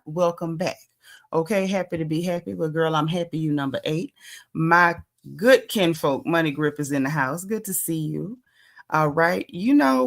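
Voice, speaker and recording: A middle-aged woman hosts a casual livestream. Her voice is bright and forward, pitched a little low, and she greets each viewer by name in easy, chatty talk. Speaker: livestream host.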